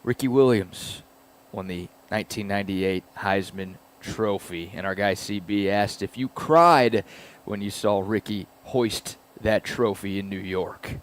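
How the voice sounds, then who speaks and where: Low-voiced dry male sports radio host. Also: a little slow. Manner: dry, teasing banter. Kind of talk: casual sports talk. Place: radio studio.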